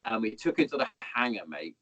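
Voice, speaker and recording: With a low voice, big pitch swings and a fairly bright tone, a podcast guest from Hereford talks fairly quickly through rambling army stories. He's profane and keeps saying "mate" to the listener. The recording is dry, dull lo-fi podcast audio.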